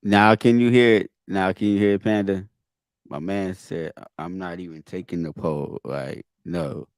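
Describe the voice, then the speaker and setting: A man's voice: deep voice, steady tone, moderate pace, no echo, studio quality. A man hosting a podcast and reacting to a video, exasperated and emphatic, often repeating his words. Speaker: podcast host.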